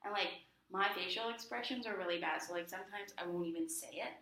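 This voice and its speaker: Young woman, counseling client, chatty and filler-heavy, a bit low-pitched, echoey room. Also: fast talker, pushed and bright. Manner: chatty, many fillers, acts out quoted friends. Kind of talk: casual conversation.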